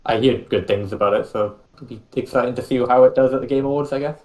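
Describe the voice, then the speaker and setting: A man's voice: mid-range voice, quick pace, darkish tone, poor audio. A man in a casual podcast chat, giving his opinions in an easygoing way.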